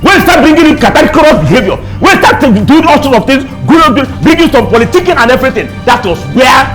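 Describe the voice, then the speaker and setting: A stubborn, suspicious older landlord with a Nigerian accent, loud and indignant, as a man plays him. His voice sits high and jumps around a lot. Light music plays faintly behind him. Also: sing-song, fast. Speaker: landlord in a comedy skit.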